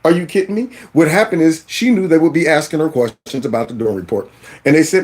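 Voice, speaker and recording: A man's voice: fairly high pitch, fast, a little mellow. A man hosting political commentary, reacting in an exasperated, incredulous, colloquial way.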